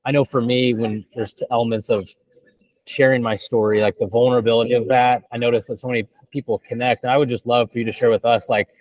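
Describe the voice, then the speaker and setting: Quick-talking guy cohosting a video call, enthusiastic, kinda rambling question. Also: medium pitch, flat delivery, a little mellow, poor audio. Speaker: co-host.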